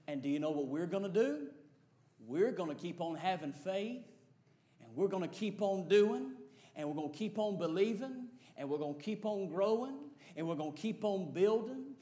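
A man preaching a sermon as pastor, swinging from hushed, drawn-out lines to loud shouts. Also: high voice. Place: church sanctuary. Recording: echoey church sanctuary.

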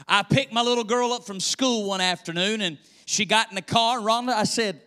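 A male pastor preaching a sermon in a church, swinging between loud emphasis and hushed near-whispers. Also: high-pitched, a little fast, clear, resonant tone. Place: church sanctuary. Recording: echoey church hall reverb.

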